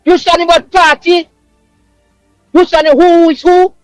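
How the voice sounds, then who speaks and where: High-pitched, emotional man ranting. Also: flat delivery, moderate pace, no echo, faint music behind, low-quality recording. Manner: emphatic, repetitive, preachy. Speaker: caller living abroad. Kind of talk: impassioned call-in rant.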